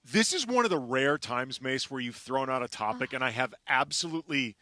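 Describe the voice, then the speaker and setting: A man co-hosting a sports talk radio show, bantering quickly with jokes. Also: medium pitch, animated, bright, forceful tone, no echo.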